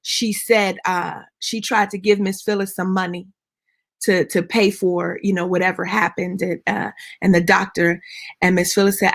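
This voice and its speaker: A woman from Pittsburgh speaks on a discussion panel, sharing a personal story. Her voice is bright and forceful. She is animated and emphatic, with frequent ums. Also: on the low side, moderate pace, vocal fry. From Pittsburgh, Pennsylvania, US. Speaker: panelist and preacher.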